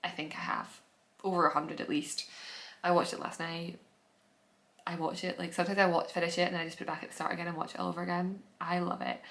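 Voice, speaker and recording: A woman with a lowish, sharp-toned voice hosts her own podcast, chatting casually on camera at home. She gushes with enthusiasm and often trails off and restarts.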